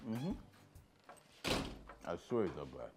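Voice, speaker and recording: A man, acting an awkward, hungry new flatmate who stammers and pleads. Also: low voice, slow pace, music in the background, full character voice. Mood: pleading. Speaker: new flatmate in a comedy skit. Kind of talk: comedy skit acting.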